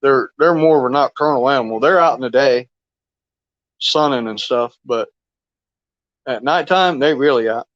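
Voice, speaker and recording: A man's voice: mid-range voice, normal speed, pauses often, no echo. Folksy rambling man on a lo-fi stream. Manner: rambling, folksy, chuckles often. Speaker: fishing live stream host. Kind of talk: casual live stream chat.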